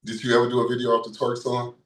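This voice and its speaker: A man guest on a podcast, telling stories loudly and boisterously. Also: mid-range voice, monotone, rapid-fire. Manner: loud, boisterous storyteller. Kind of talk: casual podcast storytelling. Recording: roomy sound, far from mic.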